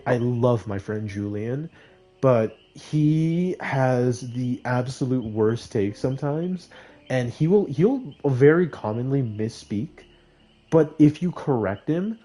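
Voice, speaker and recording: A young man tells casual stories on a stream, his voice mellow and warm at a middle pitch. He talks in an animated way, laughing as he goes, and jumps into high squeaky outbursts when quoting himself. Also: measured pace. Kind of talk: casual storytelling.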